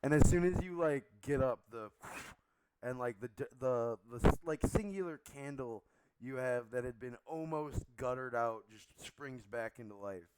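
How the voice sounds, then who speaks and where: A man narrating as game master for a tabletop game, halting and correcting himself with many fillers, on a home microphone. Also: medium pitch, a little mellow, clear, resonant tone, low-quality recording.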